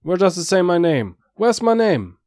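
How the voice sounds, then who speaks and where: A woman's voice: lowish voice, big pitch swings, normal speed, mellow. A woman voicing a vain, self-obsessed teenage newsboy who whines and demands. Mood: demanding.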